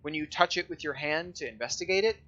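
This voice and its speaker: A man acting as game master for a tabletop game, walking the players through the dungeon with plenty of ums and uhs. His voice is fairly high and sharply bright. The stream audio sounds muffled and lo-fi. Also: expressive, fast. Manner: explanatory, descriptive, hesitant with fillers.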